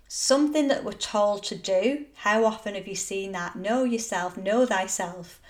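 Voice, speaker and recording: A middle-aged woman hosting a solo motivational podcast, talking in an earnest, encouraging and emphatic way. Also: medium pitch. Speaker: podcast host.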